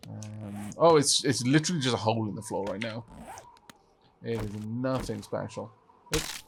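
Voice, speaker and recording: A man hosting a co-op survival game video, thinking aloud about building and bantering with his teammate, apologetic and quick to giggle. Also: lowish voice, creaky, slight background noise. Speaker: gaming channel host. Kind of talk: co-op gameplay commentary.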